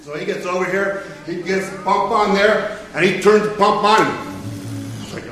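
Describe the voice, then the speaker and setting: A man's voice: fairly high pitch, steady tone, normal speed, a bit bright, a little hiss or hum. A man telling a story to children in a playful way and asking them questions, heard from far off in an echoey hall. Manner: playful, asks the audience questions.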